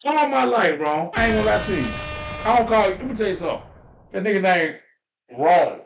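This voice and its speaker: A man with a high voice tells heartfelt stories in a preachy, repetitive way and swears as he goes. His voice rings with a roomy echo. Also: animated, brisk, vocal fry, noisy background. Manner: preachy, repeats phrases, swears freely. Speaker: podcast host. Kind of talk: emotional storytelling chat.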